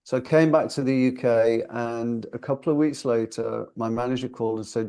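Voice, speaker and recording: A man in his sixties from the UK, chatting as an interview guest in a loose, storytelling way. His voice is warm and dark, with a gravelly fry running through it. He comes across as reflective and gently self-deprecating. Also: medium pitch, steady tone, moderate pace, few pauses. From United Kingdom. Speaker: singer and guest.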